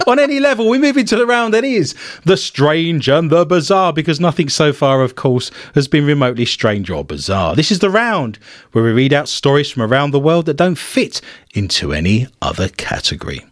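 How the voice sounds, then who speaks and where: A man's voice: a little high, very animated, brisk, no echo, clean studio sound. A man hosting a podcast, reading odd news stories with sarcastic, playful asides. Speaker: podcast host.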